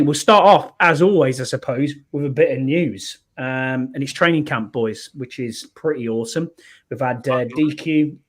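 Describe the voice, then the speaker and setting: A man, hosting a casual sports podcast in a chatty, upbeat way. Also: mid-range voice. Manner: chatty, upbeat, reads sponsors and runs through news. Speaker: podcast host.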